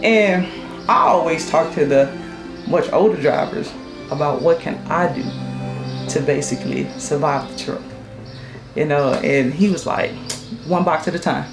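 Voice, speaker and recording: A man giving a halting, emotional memorial tribute to a coworker, sighing between phrases. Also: fairly high pitch. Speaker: UPS driver and coworker. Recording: roomy echo with music behind.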